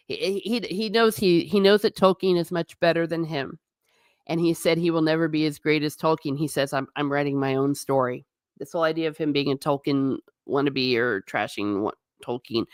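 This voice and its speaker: A woman hosting a casual livestream, rambling in an animated way and talking straight to her viewers in chat. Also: on the low side, dry recording, clean studio sound. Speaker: livestream host.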